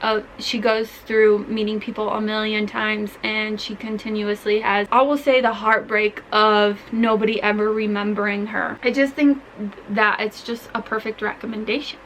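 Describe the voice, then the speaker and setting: Bright, gushing young woman book vlogger. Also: mid-range voice, little pitch movement, normal speed, slight background noise, rough recording. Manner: gushing, chatty, heavy use of "like". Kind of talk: casual book recommendations.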